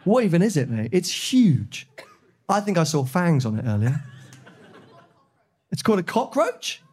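A man's voice: on the high side, sing-song, a little slow, darkish tone, husky. A man co-hosting a podcast in front of a live audience, telling stories and joking with a lot of laughter. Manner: chatty, laughing, jokey storytelling. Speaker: podcast co-host. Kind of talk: casual chat before a live audience.

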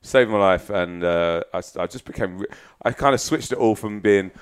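A low-pitched man chats as a podcast guest. He tells candid stories about himself, pokes fun at himself and swears freely along the way. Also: moderate pace, hardly any pauses, clear, resonant tone. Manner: candid, self-deprecating storyteller who swears freely. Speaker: guest musician. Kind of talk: casual podcast chat.

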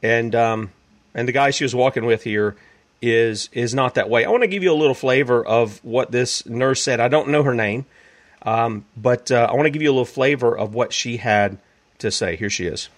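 A man's voice: mid-range voice, moderate pace. Folksy Southern-accented male host. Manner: folksy, conversational, frequent fillers. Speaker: talk show host. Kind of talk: casual radio-style commentary with product plug.

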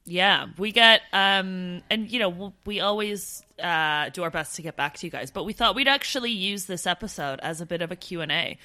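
Bright-voiced woman co-hosting. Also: fairly low pitch, moderate pace, few pauses. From Canada. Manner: chatty, animated, swears casually. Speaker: podcast co-host. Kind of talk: casual chat.

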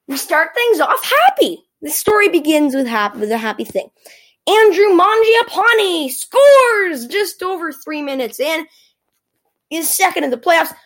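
A woman excitedly recapping a hockey game in a playful, teasing monologue, exclaiming often. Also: high voice, poor audio.

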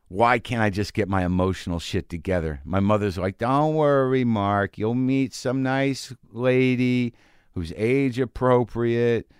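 A man's voice: mid-range voice, smooth, no room sound, clean studio sound. A middle-aged man hosting a podcast, talking in a rambling, profane, self-deprecating way. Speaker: podcast host. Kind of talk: casual monologue and interview.

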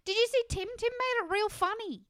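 A woman's voice: very high voice, brisk, a bit bright, no room sound, studio quality. A woman, co-hosting a casual chat, sarcastic and swearing, laughing a lot. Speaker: podcast co-host.

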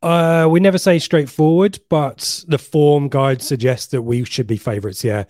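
A man's voice: a little high, normal speed, a little mellow, no room sound, studio quality. A man co-hosting a live podcast, chatting casually and reading out listener messages. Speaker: podcast co-host.

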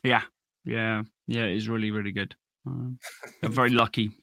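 A man's voice: on the low side, fairly even intonation, moderate pace, vocal fry, bright, forceful tone, dry recording, studio quality. A man, a guest musician, telling stories in a casual podcast interview, laughing often and swearing casually.

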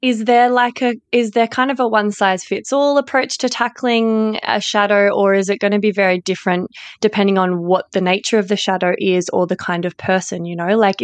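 A woman's voice: mid-range voice, no echo. Thoughtful woman podcast host. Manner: thoughtful, searching for words. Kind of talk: interview conversation.

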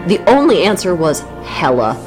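A woman from the United States co-hosting a podcast, discussing a book casually and teasing with quick jokes. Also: on the low side, very animated, music in the background. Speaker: podcast co-host.

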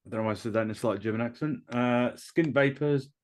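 Man briskly reading names. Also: mid-range voice, a little mellow. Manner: brisk, jokey roll-call of names. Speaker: co-host reading chat. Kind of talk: casual livestream chat.

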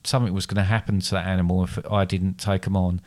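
A middle-aged father co-hosting a casual podcast with his son, measured and wryly teasing. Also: deep voice, level tone, darkish tone. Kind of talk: casual chat.

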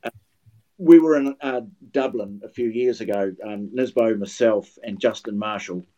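New Zealand man telling stories, low and dull. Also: normal speed, dark tone. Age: older. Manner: anecdotal storyteller with many restarts. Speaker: guest commentator. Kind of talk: casual podcast chat.

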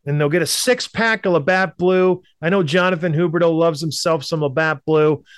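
A man's voice: on the high side, moderate pace, smooth, no room sound, studio quality. A man from Canada, a show co-host, giving blunt, emphatic opinions in sports talk and repeating points for effect. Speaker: hockey podcast co-host.

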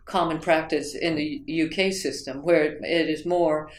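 An American writing instructor, interviewed about her teaching, reflects and tells stories in a low, steady, unhurried voice with few pauses. She rambles with fillers and restarts, and the room has an echo.

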